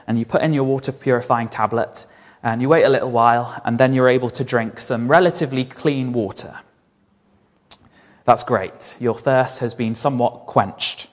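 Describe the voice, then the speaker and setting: A man preaching a sermon in an earnest way, repeating key phrases for emphasis. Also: medium pitch. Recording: long reverb of a large hall.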